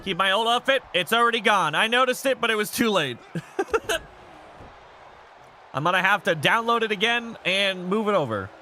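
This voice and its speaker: Streaming a game live, a man talks spontaneously and reads messages from chat, pausing often at a moderate pace. He sounds high, bright and highly animated, leaping up at every big play, over soft background music with a little hiss or hum.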